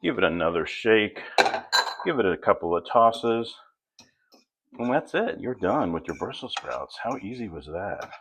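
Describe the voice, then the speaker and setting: A middle-aged man with a very low voice runs a home cooking lesson. He talks slowly and easily, chatting his way through each step as he cooks. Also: background noise. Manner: relaxed, chatty step-by-step instructions. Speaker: home cook host. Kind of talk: cooking demonstration.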